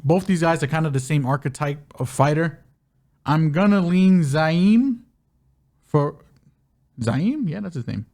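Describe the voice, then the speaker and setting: Brief: male co-host, slightly high voice, relaxed, rambling, hedges his picks. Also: moderate pace, gravelly. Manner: loose and hedging, lots of "you know". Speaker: podcast co-host, betting analyst. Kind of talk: casual sports-betting chat.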